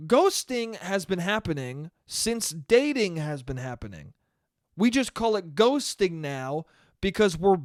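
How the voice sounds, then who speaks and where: A young man with a high-pitched voice delivers a casual solo podcast monologue, recorded in studio quality with no echo. He rambles on, swears, frequently stops himself mid-thought, and laughs a lot.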